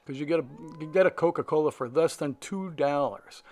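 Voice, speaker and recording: A man's voice: on the high side, a little fast, darkish tone. A man narrating his own video in a loose, casual way, rambling with many fillers and restarts. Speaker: aviation vlogger.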